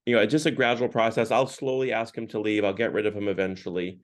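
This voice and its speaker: A man's voice: fairly low pitch, steady tone, quick pace, lightly acted. A man doing a whiny, frightened ghost. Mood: pleading. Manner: whiny, anxious, makes excuses. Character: frightened, pleading man clinging to his vice.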